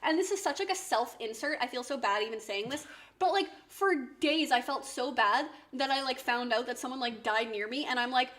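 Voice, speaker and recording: A woman's voice: high voice, brisk, a bit bright. A woman streaming and chatting casually, rambling with lots of fillers. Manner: chatty, rambling with many likes and rights.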